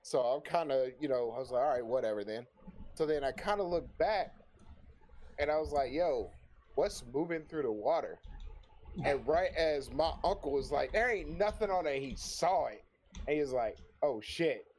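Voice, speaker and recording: A young man spins a rowdy story in casual conversation, cursing often and laughing between lines. His voice sits at an ordinary middle pitch, with faint noise under the recording. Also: moderate pace. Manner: profane, animated, laughs often. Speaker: podcast guest telling a story.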